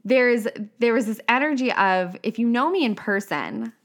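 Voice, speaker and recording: A woman in a casual monologue as an author and coach, animated and profane, often slipping into playful quoted voices. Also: a little high, normal speed. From half Italian.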